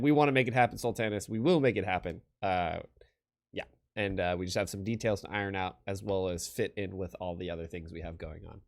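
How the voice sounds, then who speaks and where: A man working as a community manager, chatting casually on a livestream and answering viewer questions plainly. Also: lowish voice. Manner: relaxed, laughs easily, explains plainly.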